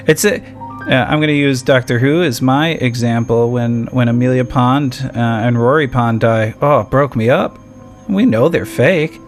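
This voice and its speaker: A man playing a tabletop game, talking in a casual, rambling and reflective way during a break. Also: medium pitch. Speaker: player.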